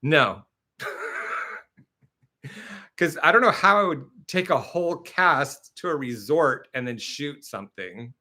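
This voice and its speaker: Male live-stream host with a bright, forceful tone. He chats casually and tells stories with lots of fillers. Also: a little high, slow, long pauses. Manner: chatty, animated storytelling with many fillers; reads and answers viewer comments.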